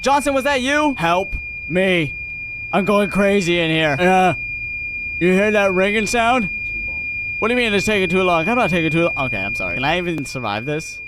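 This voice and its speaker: A man's voice: sits high, animated, moderate pace, background noise. A man doing let's-play commentary as a gaming YouTuber, joking and teasing the game's characters.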